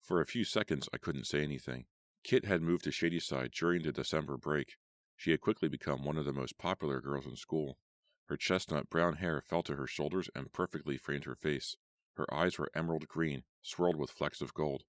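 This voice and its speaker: Brief: male audiobook reader, extremely low voice, dry close sound, measured telling. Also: no room sound. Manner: measured storytelling. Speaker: audiobook narrator. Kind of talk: first-person horror audiobook narration.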